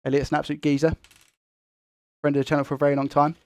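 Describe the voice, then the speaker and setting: A young man who talks fast and excitably while hosting a tech live stream and reading viewer comments. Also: a little high, smooth, dry recording. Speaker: tech livestream host.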